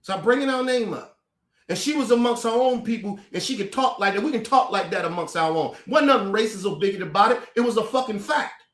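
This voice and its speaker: A commentator with a high, fairly bright voice rants angrily to the camera, swearing and going a little fast. He gets confrontational and keeps repeating words as he stumbles over them. The echoey room makes the sound bounce.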